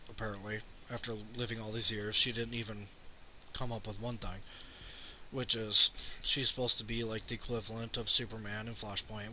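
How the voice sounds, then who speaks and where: A young man rants sarcastically about a film on his channel, swearing often and mocking the characters' lines as he retells scenes. His medium-pitched voice has a sharp tone, with slight background noise.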